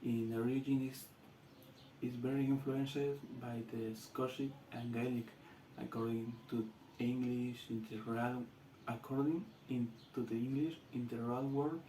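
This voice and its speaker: A man with a Latin American Spanish accent, a student giving a class presentation in halting English with restarts. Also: mid-range voice, little pitch movement, dark tone, reverberant, slight background noise, rough recording.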